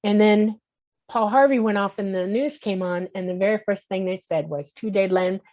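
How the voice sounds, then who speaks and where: On a talk show, a sixtyish woman guest tells her own story, performing the voices and checking in often with "okay?". Her voice is medium-pitched and darkish at a normal pace, captured in muffled, lo-fi audio.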